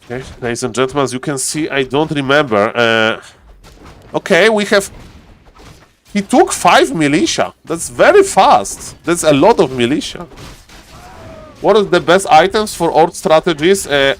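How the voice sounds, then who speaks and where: A man with a noticeable non-native English accent casts a strategy game live, his voice sitting slightly high. He chats with viewers, keeps saying "ladies and gentlemen", and gets more excited over key plays. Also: a little slow. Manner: chatty, greets chat viewers, repeats "ladies and gentlemen". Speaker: game caster and streamer.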